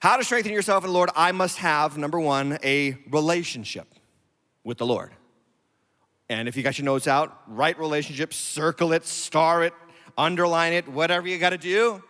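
A man's voice: fairly high pitch, steady tone, moderate pace, fairly bright tone, in a large hall. A male lead pastor giving a sermon to an online audience, emphatic and repeating key phrases for stress. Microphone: streamed online sermon.

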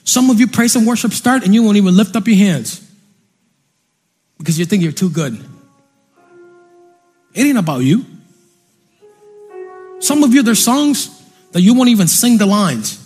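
A man preaching a fervent, repetitive sermon from a church stage, breaking into sung and shouted lines. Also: high voice, very animated, moderate pace, pauses often, slightly rough, faint music behind.

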